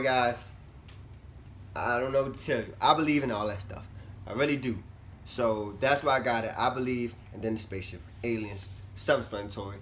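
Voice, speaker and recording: Young man, casual vlog, chatty, animated, faint hiss behind. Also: mid-range voice. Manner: chatty, animated, swings from loud to mumbly. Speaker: vlogger. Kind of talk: casual vlog talk to camera.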